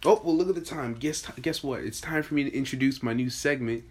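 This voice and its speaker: A man's voice: mid-range voice, a little fast, husky. A man hosting a casual podcast chat, goofy and rambling, stumbling over his words. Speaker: podcast host.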